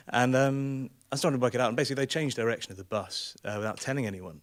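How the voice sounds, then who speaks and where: Male live storyteller on stage; self-mocking, meandering, mid-pitched voice. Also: fast talker, hardly any pauses. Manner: wry, rambling, self-mocking. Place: small theatre stage.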